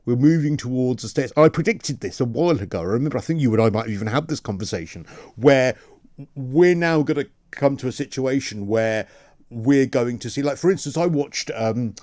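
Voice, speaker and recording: Animated male radio host, dry studio sound. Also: mid-range voice, dry recording. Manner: animated, quick rhetorical questions with stumbles. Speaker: radio talk show host. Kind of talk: opinion radio discussion.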